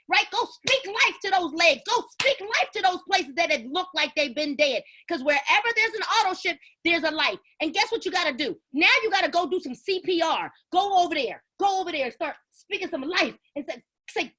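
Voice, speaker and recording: A woman giving an energetic motivational talk on a video call, preaching and calling out to her listeners. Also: extremely high pitch, moderate pace, hardly any pauses. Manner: preachy, exclamatory, call-and-response. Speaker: network marketing leader.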